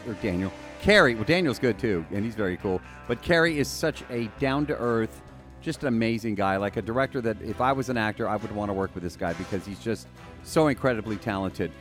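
A man hosting a podcast in casual chat, excitable, chatty and playful. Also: on the low side. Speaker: podcast host.

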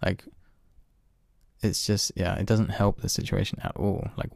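A man with a deep, level, gravelly voice and darkish tone speaks a little slowly in a casual, reflective monologue, candid and self-deprecating, swearing now and then and laughing at himself. It's studio quality with no echo.

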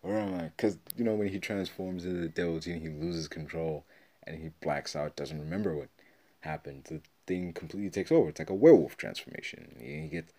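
A man hosting a solo podcast, rambling and swearing as he excitedly retells old video game memories. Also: low-pitched, fairly quick, creaky. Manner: rambling, profane, excited storytelling. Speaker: podcast host. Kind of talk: casual solo podcast talk.

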